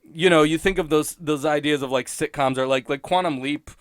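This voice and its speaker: A fairly quick, fairly bright, higher-pitched male voice, recorded dry in a clean studio. He's the solo host of a podcast reviewing episodes, walking through a cartoon one in a rambling, wry way, interrupting himself and chuckling at what he says.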